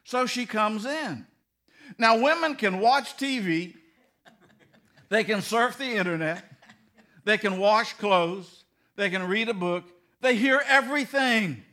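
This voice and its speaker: A man's voice: sits high, sharp tone. A middle-aged man preaching a humorous sermon, telling stories and acting out little dialogues with bursts of emphasis. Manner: storytelling with mimicked dialogue, bursts of laughing emphasis. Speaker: pastor.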